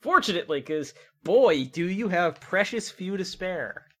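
A man running a tabletop game as game master, chatting casually and briskly moving things along. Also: high voice, animated, breathy edge.

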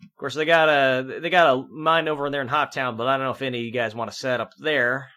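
A man's voice: medium pitch, steady tone, quick pace, pushed and bright, close to an everyday voice. A man doing a folksy mustached saloon barkeep. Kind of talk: tabletop game character voice.

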